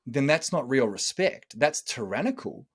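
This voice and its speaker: A man's voice: medium pitch, sing-song, normal speed, slightly rough. A man, hosting a podcast as a relationship coach, talking bluntly and acting out different tones of voice. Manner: blunt, emphatic, acts out tones of voice. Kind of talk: casual podcast conversation.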